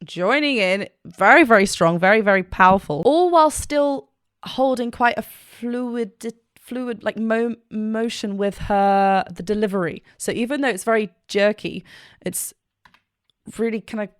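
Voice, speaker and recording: A woman's voice: mid-range voice, measured pace, smooth, dry recording, clean studio sound. A woman vocal coach reacting to a performance and analyzing it, enthusiastic and technical, now and then singing short vocal demonstrations.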